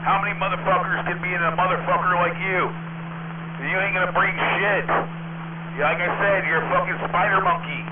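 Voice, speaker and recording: A man's voice: high-pitched, level tone, a little fast. A man on a CB radio channel taunting another operator with profane insults and boasts. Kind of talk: heated on-air argument. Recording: tinny radio with loud static.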